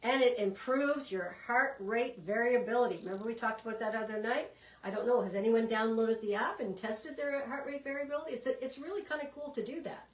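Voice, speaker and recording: A woman's voice: fairly high pitch, a little fast, roomy sound, far from the mic, rough recording. Chatty woman teaching a wellness class. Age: middle-aged. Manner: chatty and encouraging, with frequent restarts. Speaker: wellness instructor.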